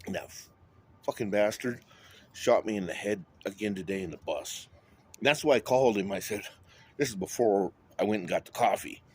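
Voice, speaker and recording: Man, lowish voice, rambling monologue, swears a lot, faint background hiss. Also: a little fast. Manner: rambling, wandering, with frequent swearing.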